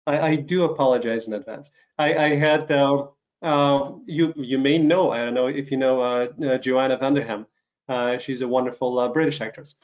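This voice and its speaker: A man hosting an interview show, recovering from an illness and coughing now and then, speaking haltingly with many fillers and restarts. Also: medium pitch, steady tone. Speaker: talk show host. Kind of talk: casual interview chat.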